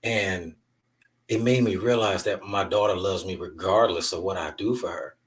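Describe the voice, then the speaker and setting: A man's voice: low-pitched, normal speed, far from the mic. A man hosting his own podcast, talking candidly and emphatically as he tells stories. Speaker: podcast host. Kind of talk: casual monologue podcast.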